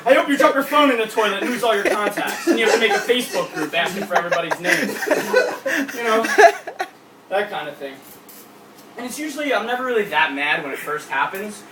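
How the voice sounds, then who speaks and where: A man's voice: sits high, expressive, brisk, very noisy. A young man doing a crude, ranting stand-up routine with mock outrage. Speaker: stand-up comedian. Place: comedy club stage. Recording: echoey club from a distant mic, crowd laughing.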